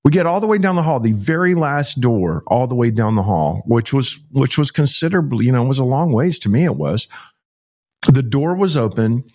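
A middle-aged man, a pastor, telling a personal story to an interviewer in an animated, emphatic way, acting out dialogue and repeating himself. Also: mid-range voice, brisk.

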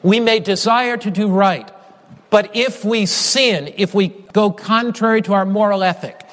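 High-voiced, emphatic preacher. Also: male voice, fairly bright tone. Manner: measured, emphatic with repeated refrains. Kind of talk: sermon. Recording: long hall reverb.

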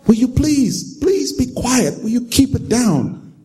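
Preacher putting on a flustered, high-pitched attendant begging for quiet. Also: male voice, big pitch swings, slow pace, full character voice. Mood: pleading. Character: embarrassed flight attendant, pleading politely.

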